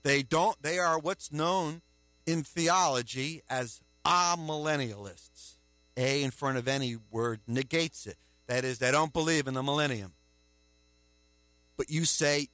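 A man preaching a sermon, emphatic, with rhetorical questions and a forceful delivery. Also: on the high side, a little slow, no room sound.

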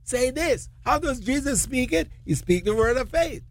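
A radio co-host teaching from the Bible in a lively, laughing way, using non-standard English grammar. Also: high-pitched, moderate pace, no room sound. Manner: animated, laughs often, retells scripture dramatically.

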